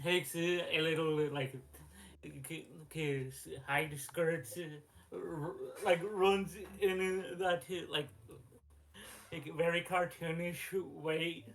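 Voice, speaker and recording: Hesitant slow-talking man player. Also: a little high, steady tone, a bit bright. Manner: halting, many fillers and restarts. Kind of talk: tabletop role-play.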